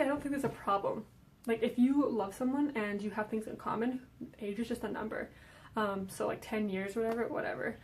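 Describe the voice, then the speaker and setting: Chatty young woman with a highish voice. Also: a little mellow, a little hiss or hum, poor audio. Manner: chatty, many fillers like "um" and "like". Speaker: vlogger. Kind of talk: casual Q&A vlog.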